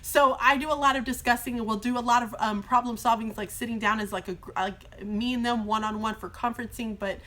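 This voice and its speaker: A woman teacher chatting casually on a live phone stream from a car shop, her voice slightly hoarse from long talking. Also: fairly high pitch, steady tone, a little fast, hardly any pauses, pushed and bright. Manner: chatty and bubbly, many fillers. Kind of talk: casual livestream chat. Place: brother-in-law's car shop, indoors.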